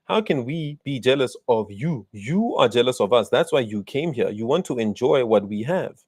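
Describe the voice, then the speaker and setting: A South African man with a South African accent delivers an indignant commentary, firing off rhetorical questions. His voice sits at an ordinary middle pitch. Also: animated, moderate pace, a little mellow, breathy edge. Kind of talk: ranting video commentary.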